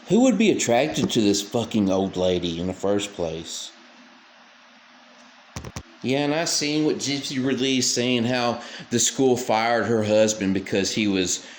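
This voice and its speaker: A man's voice: lowish voice, echoey room, slight background noise. Scornful ranting male commentator. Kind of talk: mocking reaction commentary.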